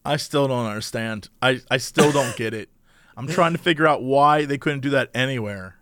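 A man's voice: medium pitch, moderate pace, a bit bright, no room sound. A man co-hosting a podcast, firing puzzled questions and dry, teasing quips in casual chat. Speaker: podcast co-host.

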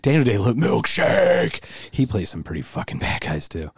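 A man's voice: sits low, big pitch swings, quick pace, a little mellow, breathy edge, no echo, clean studio sound. A man co-hosting a podcast, chatting casually with rambling, crude jokes. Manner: joking, rambling, crude humor. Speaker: podcast co-host. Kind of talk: casual chat.

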